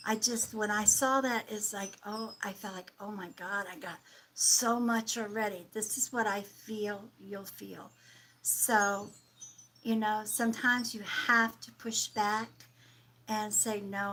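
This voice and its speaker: A woman hosting a live-stream psychic reading, speaking softly and affectionately, calling viewers sweetheart and sometimes dropping to a whisper. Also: mid-range voice, slight background noise, rough recording. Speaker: psychic medium and livestream host.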